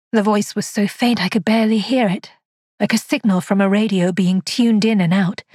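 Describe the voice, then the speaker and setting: A woman narrating as an aging, haunted spinster, telling her story in a quiet, hushed first-person voice. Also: medium pitch, dry recording, studio quality, natural voice.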